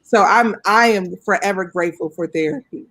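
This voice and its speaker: A woman on a panel who tells animated stories on a video call, laughing often. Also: medium pitch, normal speed. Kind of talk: panel discussion.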